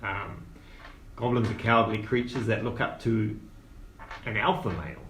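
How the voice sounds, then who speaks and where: A man voicing an excitable male gnome entrepreneur who speaks formally and theatrically. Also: mid-range voice, a little hiss or hum. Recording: roomy room echo.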